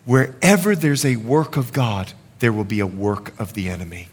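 A man preaching a sermon, animated, with jokes and asides to the congregation. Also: on the low side, normal speed. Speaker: pastor.

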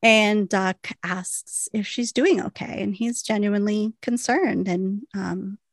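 A woman's voice: medium pitch, steady tone, slow, no echo, studio quality. A young woman co-hosting a podcast, recapping episodes in a rambling, chatty way full of fillers and laughter. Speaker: podcast co-host. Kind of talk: casual recap chat.

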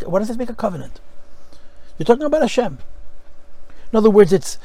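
A man leads a Chassidic study class, explaining a discourse line by line. His voice sits high, and the sound is dry and close. He drops in Hebrew terms and drives his points home with rhetorical questions. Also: a little mellow, no echo, rough recording. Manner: explanatory, mixes Hebrew and Yiddish terms with English. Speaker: Torah teacher.

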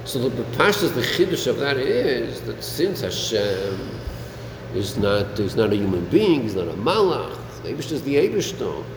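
Animated teacher man, echoey room. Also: mid-range voice, moderate pace. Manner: animated, questioning, mixes English with Yiddish and Hebrew terms. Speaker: Torah teacher. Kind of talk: Talmudic-style lesson with students. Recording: echoey room, faint air conditioning hum.

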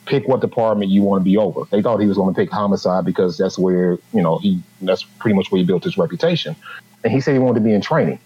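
A man with a fairly low, mellow and husky voice talks through his views in a relaxed panel chat. The sound is a bit dull and lo-fi. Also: fast talker. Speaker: comedian guest. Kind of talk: casual panel discussion.

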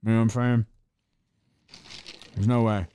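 Young male podcast host, low voice, dry close sound, rambling and profane. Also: level tone, measured pace, warm tone, clear, resonant tone, no room sound. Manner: rambling, profane, laughing asides. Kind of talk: casual chat.

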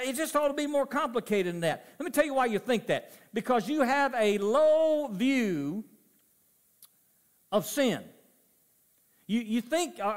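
A middle-aged male pastor preaching a sermon, swinging from loud emphasis to soft, low asides. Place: church sanctuary. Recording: long church reverb.

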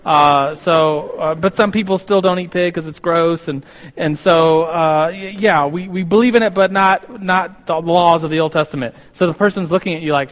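A young man giving a casual church teaching, animated and acting out both sides of imagined conversations. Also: on the high side, moderate pace, big-room sound.

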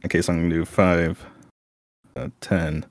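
A man's voice: low-pitched, level tone, moderate pace, dry recording, studio quality. A man playing a tabletop game, thinking aloud and hesitating as he decides. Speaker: player.

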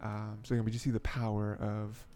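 A man's voice: on the low side, monotone, fairly quick, mellow, faint music behind. A man hosting an anime podcast, recapping episodes in a rambling, chatty way with frequent chuckles and fillers. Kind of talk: casual episode recap and commentary.

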